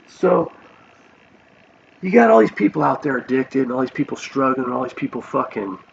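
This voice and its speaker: A man's voice: mid-range voice, creaky, fairly bright tone, distant mic. A man vlogging a personal story, earnest and rambling, with many restarts, on a dull lo-fi recording with faint hiss.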